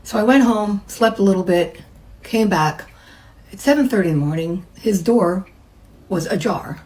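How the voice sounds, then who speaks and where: A woman's voice: medium pitch, normal speed, a little mellow, poor audio. A middle-aged woman, a massage therapist, telling a personal story in a chatty way and acting out the people she quotes. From United States.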